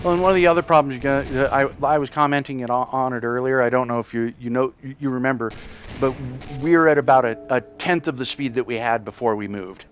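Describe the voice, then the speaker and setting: A man's voice: mid-range voice, fast, muffled recording, soft background music. A man chatting in an easygoing way while playing a game, laughing often. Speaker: gamer co-streamer. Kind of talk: casual chat while gaming.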